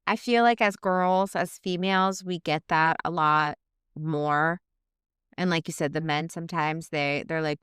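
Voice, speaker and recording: A woman's voice: sits low, fairly even intonation, unhurried, fairly bright tone, smooth, no room sound, clean studio sound. A woman co-hosting a podcast in casual chat, speaking candidly, swearing freely and acting out quarrels in quoted voices. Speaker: podcast co-host.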